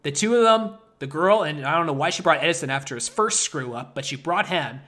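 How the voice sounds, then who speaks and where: A man ranting about a movie on a casual podcast. He sounds animated and worked up as he retells the plot. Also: fairly high pitch, fairly quick. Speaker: podcast co-host. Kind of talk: casual movie review chat.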